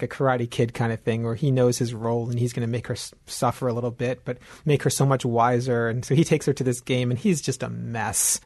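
A man, a novelist, talking casually in an interview, thoughtful and animated, often restarting his sentences. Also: mid-range voice, no echo, studio quality. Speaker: novelist guest.

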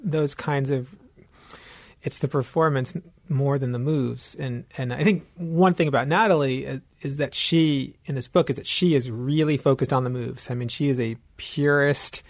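A man, a novelist, talking casually in an interview, thoughtful and animated, often restarting his sentences. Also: medium pitch, moderate pace, no room sound. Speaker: novelist guest.

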